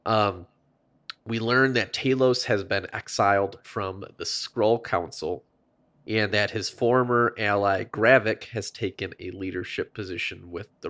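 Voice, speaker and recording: A man's voice: on the low side, fairly bright tone. A man co-hosting a podcast, casually recapping and rambling, swearing freely. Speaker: podcast co-host. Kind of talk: casual chat.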